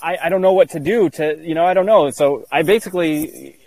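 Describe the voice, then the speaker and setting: A man as an interview guest, telling a personal story earnestly, halting with many restarts and fillers. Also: on the high side, darkish tone, rough recording.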